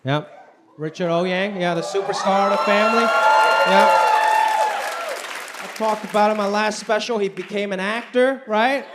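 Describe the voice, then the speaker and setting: A man performing a stand-up comedy routine on stage, animated and putting on voices for the people in his stories. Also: high voice, normal speed, long pauses, very noisy. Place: stage before a laughing audience. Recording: live show with crowd laughter.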